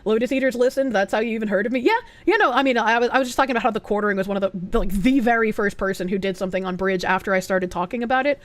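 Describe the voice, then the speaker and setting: A woman's voice: mid-range voice, rapid-fire, hardly any pauses, dry recording. A young adult woman streaming live, chatting casually in a rambling, profane way and reading out donations.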